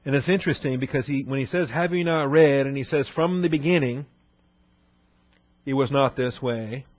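Speaking at normal speed in a medium-pitched voice, a male pastor gives an expository sermon. He presses his points emphatically through repetition and rhetorical questions, and the lo-fi recording has no echo.

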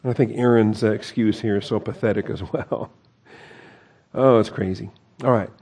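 A man's voice: on the low side, steady tone, normal speed, a little mellow. A man reading a Bible passage aloud and breaking off into conversational commentary with wry asides. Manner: reads scripture aloud then comments, wry asides and self-corrections. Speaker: Bible teacher.

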